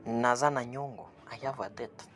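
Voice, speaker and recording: A man giving an online language lesson, saying phrases slowly, repeating them and translating each one, with a chuckle now and then. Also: medium pitch, a bit bright, a little hiss or hum. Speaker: language teacher.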